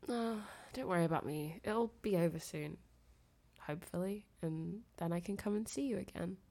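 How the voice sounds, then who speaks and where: A young woman with a fever sounds stuffy and nasal as she speaks softly and intimately, playing a girlfriend on a phone call, giggling often and letting her sentences trail off. Her voice sits lowish and creaky at a normal speed. She is an audio creator.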